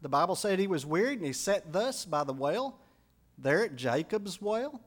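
Male pastor, high-pitched, earnest storytelling sermon voice. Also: big pitch swings, normal speed. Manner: earnest storytelling, quotes people in their voices.

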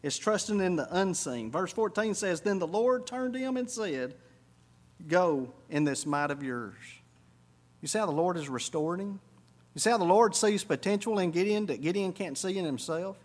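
Man, high voice, sermon, climbing emphatic bursts. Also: expressive, moderate pace. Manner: preaching with sudden rises in pitch and volume. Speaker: pastor.

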